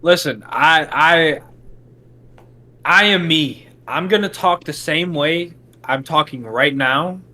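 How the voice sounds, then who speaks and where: A man's voice: a little high, slow, sharp tone. A man co-hosting a podcast in casual chat, blunt and swearing freely. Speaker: podcast co-host.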